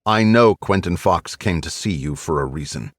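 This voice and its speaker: A man's voice: sits low, lively intonation, normal speed, no room sound. A man voicing a firm, pressing female FBI agent in an audiobook. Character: determined female FBI agent, adult, blunt.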